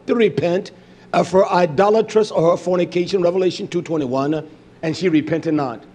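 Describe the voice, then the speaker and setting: A man preaching a sermon, shifting from loud emphatic exhortation to low intense delivery. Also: normal speed, slightly rough.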